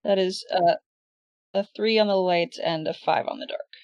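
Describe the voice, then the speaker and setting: A woman's voice: medium pitch, steady tone, moderate pace, a little mellow, dry recording, lo-fi sound. A woman playing a tabletop horror game, describing her character's moves casually with fillers. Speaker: player. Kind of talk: tabletop role-play, describing a character's actions.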